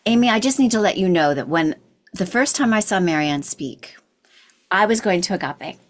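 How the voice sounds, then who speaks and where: A woman co-hosting an interview, effusive and emotional, with halting restarts. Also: medium pitch, animated. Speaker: co-host. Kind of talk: casual interview chat.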